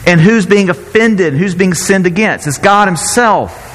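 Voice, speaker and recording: A man preaching a sermon in an animated, playful way, often breaking off and restarting his sentences. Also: high voice, unhurried, big-room sound, poor audio. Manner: animated, self-interrupting, playful asides. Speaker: pastor.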